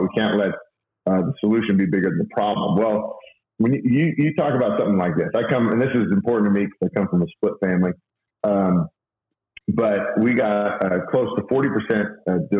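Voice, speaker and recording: Man, low-pitched voice, earnest and halting, roomy dull recording. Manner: halting, many fillers and restarts, earnest. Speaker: guest sharing faith and money advice. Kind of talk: casual conversational talk.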